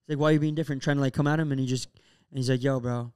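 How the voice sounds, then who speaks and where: A man's voice: medium pitch, fairly even intonation, very fast, darkish tone, clean tone. A young man co-hosting a podcast, telling a rambling story in casual chat and acting out the quotes. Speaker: podcast co-host.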